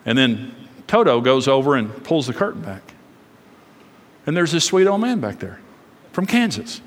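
A man's voice: mid-range voice, big pitch swings, moderate pace. A middle-aged male pastor preaching a sermon with impassioned, repetitive, rhythmic emphasis. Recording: long reverb of a large hall.

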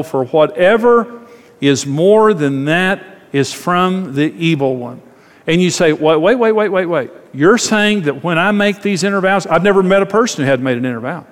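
Pastor preaching in a reverberant church. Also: male voice, on the high side. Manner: conversational, acts out quoted voices, repeats phrases. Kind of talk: sermon.

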